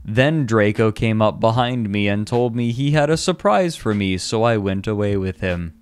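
A man streaming a comedic dramatic reading, deadpan and slow, with laughing asides. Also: on the low side, clean tone. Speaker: streamer reading a fanfic aloud.

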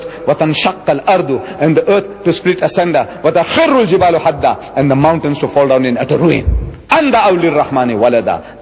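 A man in his seventies giving an emphatic, rhetorical religious lecture. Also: darkish tone. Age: 70s. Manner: emphatic, rhetorical, with dramatic swings in pitch. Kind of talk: public lecture. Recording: dull lo-fi recording with long hall reverb.

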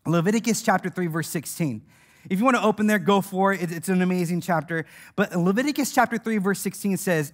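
A man's voice: high voice, fairly quick. A male preacher delivers a sermon with plenty of energy and humor. He laughs as he tells the stories and acts out the voices he quotes.

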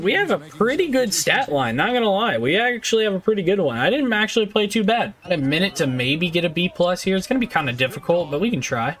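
High, lively man ranting through gameplay. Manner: excitable and easily frustrated, yells at teammates; casual slang and mild swearing. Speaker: gaming YouTuber. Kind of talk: live gameplay commentary.

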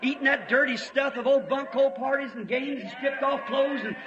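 A man preaching a fiery revival sermon in folksy, storytelling words, swelling to shouts. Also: very high voice, steady tone, normal speed, crowd noise. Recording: old lo-fi tape, long hall reverb.

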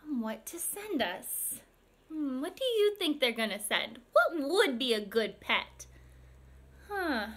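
A woman's voice: high voice, sing-song, slow pace. A young woman reading a picture book to young children in an exaggerated sing-song voice, making animal sounds. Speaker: speech language pathologist.

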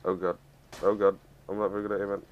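A man playing a video game and commenting casually, excitable and boastful, exclaiming at every kill. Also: lowish voice, rapid-fire, highs cut off. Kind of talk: casual let's-play commentary. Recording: noisy home recording.

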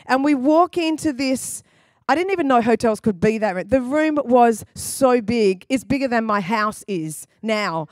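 A woman's voice: fairly high pitch, animated, moderate pace, no room sound. A woman pastor from England preaching a sermon in a conversational, storytelling way, acting out quoted voices. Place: church.

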